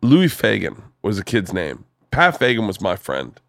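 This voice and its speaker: Animated man telling stories. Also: lowish voice, normal speed, creaky, no echo, studio quality. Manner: animated storyteller who swears freely. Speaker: podcast host. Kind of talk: casual storytelling chat.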